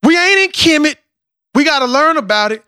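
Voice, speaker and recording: A man leads a casual roundtable, pressing his points hard with profanity and repeated words. His voice sits very high and sounds bright and forceful. The recording is dry and close. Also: lively intonation, brisk, no room sound.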